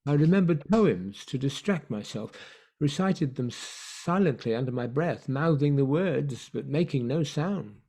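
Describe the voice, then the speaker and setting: A man narrating a story in an online play reading, measured and hushed. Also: mid-range voice, animated, breathy edge.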